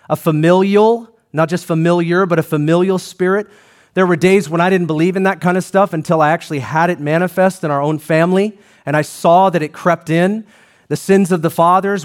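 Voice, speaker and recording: A male pastor preaching a sermon, building to emphatic repeated lines and dropping to quiet asides. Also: on the high side.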